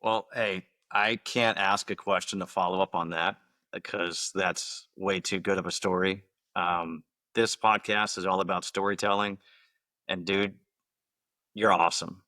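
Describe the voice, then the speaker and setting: A man hosting a podcast, chatting casually and warmly praising his guest. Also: low-pitched, steady tone, a little slow, no room sound. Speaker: podcast host.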